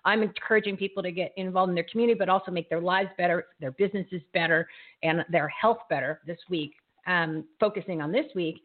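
A woman's voice: lowish voice, fast talker. Bubbly woman host on a tinny line. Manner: bubbly, laughs often, loses her train of thought. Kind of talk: casual live interview chat.

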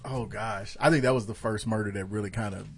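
A man's voice: lowish voice, fairly even intonation, fairly quick, slightly rough. A man co-hosting a podcast in casual chat, opinionated and rambling, swearing freely. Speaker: podcast co-host.

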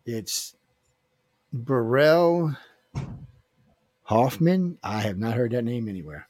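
A man's voice: medium pitch, sing-song, slow pace, darkish tone, no room sound. Rambling radio host man. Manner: rambling, joking, with filler restarts. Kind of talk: casual live radio chat.

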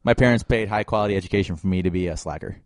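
A man's voice: sits low, rapid-fire, no room sound, studio quality. A man in his early twenties co-hosting a podcast in loose, profane casual chat, laughing often. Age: 20s. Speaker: podcast co-host. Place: small hot room.

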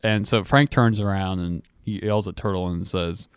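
A man co-hosting a casual podcast tells a rambling childhood story. His voice is low-pitched, and he chuckles and restarts his sentences often. The sound is dry and close to the mic. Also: fairly even intonation, moderate pace, smooth, no room sound. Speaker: podcast co-host.

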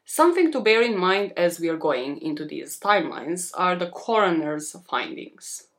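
Woman doing a true crime podcast, kinda low voice, chatty and blunt, telling it like a story to friends. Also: normal speed. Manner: chatty and expressive, with blunt asides.

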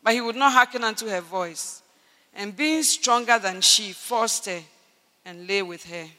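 A man preaching a sermon at a conference, speaking emphatically, shouting at his peaks and calling out for Amen. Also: high voice, a little slow. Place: large conference hall. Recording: echoey hall reverb.

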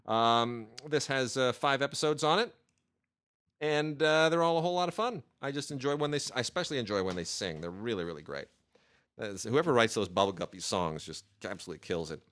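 A man reviewing new home video releases in a casual, rambling chat, with many filler pauses. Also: medium pitch, lively intonation, a bit bright.

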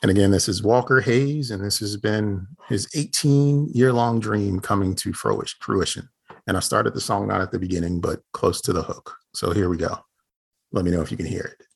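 Gravelly low-voiced man, joking. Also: normal speed. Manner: wry, joking commentary. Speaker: podcast co-host. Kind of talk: casual chat over video call. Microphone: video call.

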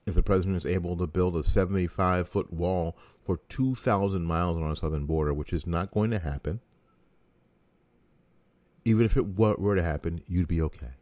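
A man's voice: deep voice, fairly quick, darkish tone, dry recording. A middle-aged American man giving a folksy, sarcastic opinion monologue as a talk show host.

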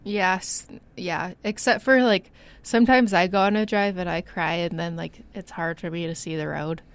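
A woman's voice: fairly low pitch, steady tone, normal speed, clear, resonant tone. Giggly young woman co-host. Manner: giggly, says "like" a lot. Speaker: podcast co-host. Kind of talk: casual chat reading listener stories.

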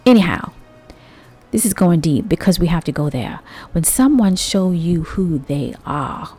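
A woman hosting a motivational monologue, talking conversationally to her listeners with drawn-out emphasis and rhetorical asides. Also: lowish voice, expressive, mellow, slightly rough, soft background music. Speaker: host.

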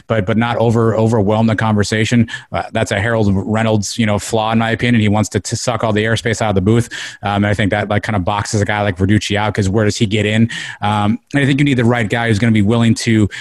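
A man's voice: lowish voice, dry recording. A man giving opinionated casual sports talk as a podcast panelist, with many restarts.

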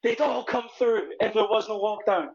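A man with a Scottish accent chatting loudly on a live stream, laughing and swearing. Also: high voice, moderate pace, lo-fi sound, crowd noise. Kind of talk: casual banter. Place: home room.

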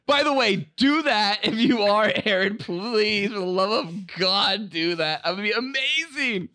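A man co-hosting a casual podcast, excitable and quick to laugh and react. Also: high-pitched. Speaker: podcast co-host.

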